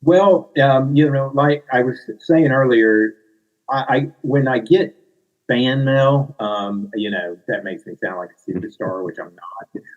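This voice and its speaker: A man's voice: mid-range voice, fairly even intonation, measured pace, darkish tone, dull audio. A middle-aged man with a Southern US accent, a children's book author answering interview questions in a modest, self-deprecating way.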